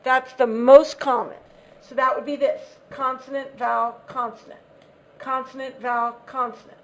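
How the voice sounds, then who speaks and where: A woman's voice: high voice, level tone, normal speed. A woman English teacher giving a lesson, patiently explaining, repeating key words and checking if students follow.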